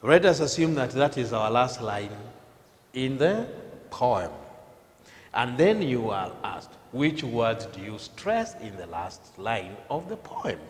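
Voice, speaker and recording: Slow, emphatic man teaching in a reverberant room. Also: medium pitch, sing-song. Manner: slow, deliberate, emphatic delivery. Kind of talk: televised classroom lesson. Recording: long hall reverb.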